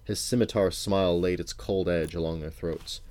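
A man reading a novel aloud to his sons in a measured storytelling manner. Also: sits low, steady tone, darkish tone. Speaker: parent reading to his children.

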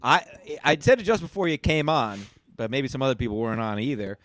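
A man from Philadelphia hosting a crude comedy podcast, loud and profane, often shouting as he rants. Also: mid-range voice, big pitch swings, fast talker. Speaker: podcast host.

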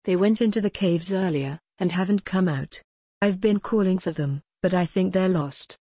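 A woman's voice: on the low side, normal speed, warm tone, breathy edge, no room sound, studio quality. A woman voicing a suspicious, grumbling adult man in a storybook, defensive and muttering.

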